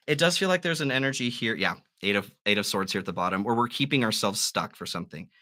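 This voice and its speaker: A man with a bright, forceful tone hosts a live tarot stream. He muses over each card aloud and encourages his listeners gently. His voice sits on the lower side. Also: animated, fast talker, few pauses. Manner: musing, gently encouraging, with soft laughs. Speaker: tarot reader.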